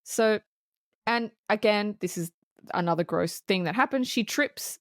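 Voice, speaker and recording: A woman co-hosting a casual movie review podcast, cursing freely, laughing often and acting out scenes in quick voices. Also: medium pitch, dry recording, studio quality. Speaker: podcast co-host.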